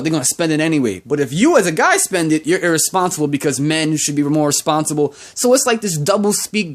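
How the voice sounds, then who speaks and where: A young man ranting in a vlog monologue, profane and heated, repeating himself as he goes. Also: on the high side. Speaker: vlogger.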